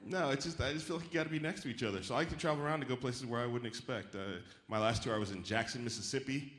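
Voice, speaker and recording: A man with a medium-pitched, slightly bright voice races through his stand-up comedy set on a theater stage. Casual and riffing with the audience, he occasionally slips into chirpy voices. The roomy live hall has faint crowd noise, with audience laughter in the background.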